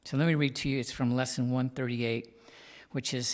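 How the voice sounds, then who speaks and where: A man, a guest minister, preaching a sermon. He swings from hushed whispers to loud, emphatic lines and puts questions straight to the congregation. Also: mid-range voice, level tone, moderate pace. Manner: talks directly to the congregation with questions. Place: spiritual center sanctuary. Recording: long hall reverb.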